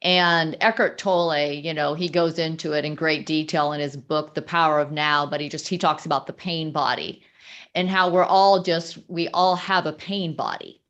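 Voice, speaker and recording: A woman hosting a discussion who explains ideas in a measured way and refers to books. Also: deep voice, steady tone, a bit bright, dull audio. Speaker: host. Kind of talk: casual discussion.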